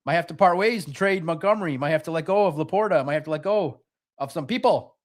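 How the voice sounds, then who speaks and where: High-voiced man in animated sports talk. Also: fast. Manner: animated, mocking impressions of others. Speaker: sports podcast host.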